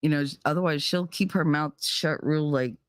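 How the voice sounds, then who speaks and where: Middle-aged New Jersey woman, podcast host; candid, animated, profane, dry close mic. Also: deep voice, normal speed, no echo. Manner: blunt, swears freely, animated. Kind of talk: casual candid talk.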